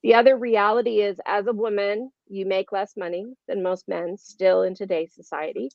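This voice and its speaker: A woman talks candidly on a panel, loose and conversational, often pausing on fillers. Her recording sounds dull and dry with no room sound. Her pitch sits in the middle. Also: fairly even intonation, gravelly, no room sound.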